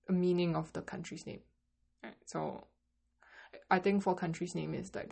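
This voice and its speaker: A woman teaching a Mandarin lesson, slowly modeling greetings and phrases for learners to repeat. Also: fairly low pitch, vocal fry, darkish tone, breathy edge. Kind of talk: language lesson.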